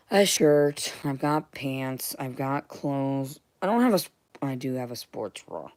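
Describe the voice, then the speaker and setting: A young woman in a rambling, emotional monologue, blunt and profane, jumping between loud outbursts and hushed whispers. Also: rumbling low, expressive, measured pace, few pauses, no echo. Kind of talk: rambling monologue to unseen listeners.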